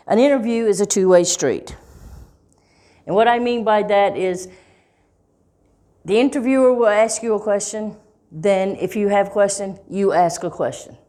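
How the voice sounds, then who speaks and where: A woman teaching English in a clear, deliberate way, stretching key words and checking in with "okay?" and "right?". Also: mid-range voice, mellow. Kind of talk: slow, clear teaching talk.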